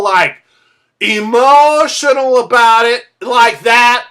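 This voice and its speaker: A woman's voice: high-pitched, a bit bright. A woman vlogger delivering an impassioned rant to camera, searching for words and repeatedly bursting into a raised, emphatic voice. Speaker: vlogger and MLM member.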